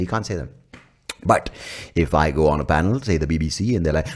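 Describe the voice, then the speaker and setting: A man's voice: extremely low pitch, fast talker, pauses often. A man with an Indian accent hosting a solo comedy podcast, rambling and crude and poking fun at himself, on a mic with a pop filter. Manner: rambling, crude, self-mocking. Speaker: podcast host. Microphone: studio mic with pop filter.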